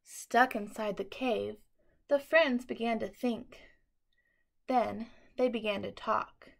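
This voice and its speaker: Female teacher reading a storybook aloud, slow and bright, with a gravelly edge. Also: on the high side. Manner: expressive, dramatic read-aloud.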